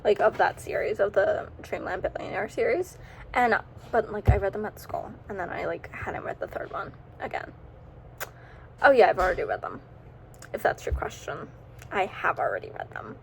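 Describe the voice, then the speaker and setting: A woman's voice: mid-range voice, very animated, moderate pace, creaky, slight background noise, rough recording. A teenage girl chatting casually about her monthly reads in a vlog, giggly and scattered, breaking off mid-sentence. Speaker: book vlogger. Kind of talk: casual reading recap vlog.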